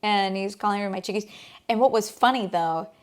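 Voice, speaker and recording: A woman with a medium-pitched voice speaks briskly, co-hosting as she tells her husband about a recent outing. Her casual, chatty story rambles, with many restarts along the way.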